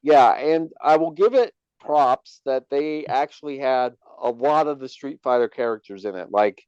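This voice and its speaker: A man's voice: mid-range voice, moderate pace, a little mellow, clean tone, no echo, highs cut off. A man co-hosting a casual podcast, stammering and repeating words with dry teasing. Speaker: podcast co-host.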